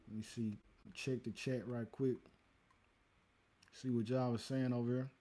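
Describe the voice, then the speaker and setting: A man hosting a livestream who reads and answers his chat in a relaxed, casual way and teaches from scripture with growing emphasis. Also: medium pitch, a little slow, pauses often. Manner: laid-back, talks to the chat, calls listeners man and y'all.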